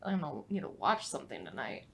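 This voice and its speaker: A woman co-hosting a podcast in casual chat, animated and laughing a lot. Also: deep voice, fast talker, gravelly, breathy edge. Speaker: podcast co-host.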